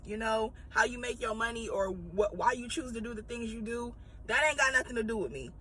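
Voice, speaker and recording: A woman's voice: fairly high pitch, bright, forceful tone, slight background noise, rough recording. A woman, a former retail manager, telling a casual storytime with profanity and rambling asides.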